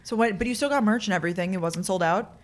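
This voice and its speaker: A young woman co-hosting a relaxed podcast, mostly reacting to her friend's story. She jumps in with emphatic opinions and quick agreement. Her voice sits at an ordinary middle pitch. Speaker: podcast co-host. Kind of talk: casual chat.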